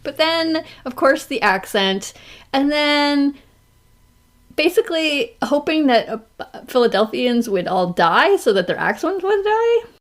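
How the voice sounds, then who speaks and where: Higher-voiced woman podcast co-host. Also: sing-song. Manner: giggly, quick asides with lots of "like". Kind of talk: casual chat.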